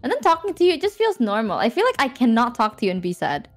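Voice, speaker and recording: A young woman from Southeast Asia talks over a stream call in a slightly high voice. She is playful and teasing, and also reads a heartfelt letter aloud. Faint music sits underneath her voice. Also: sing-song, quick pace. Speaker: guest streamer. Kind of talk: casual chat on a stream call.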